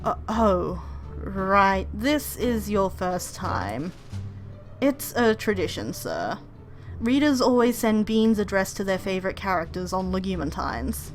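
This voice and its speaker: A woman voicing a deferential male bird assistant from a game, speaking softly and drily to his boss. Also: mid-range voice, expressive, slow pace, faint music behind, pitched below the performer's own voice. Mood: deadpan.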